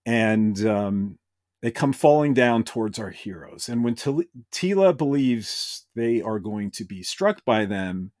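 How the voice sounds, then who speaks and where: A man's voice: on the low side, expressive, unhurried, darkish tone, no echo, clean studio sound. A man hosting a podcast, recapping an episode with enthusiasm and quoting characters now and then. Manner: enthusiastic, retells scenes with brief quoted voices. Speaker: podcast host.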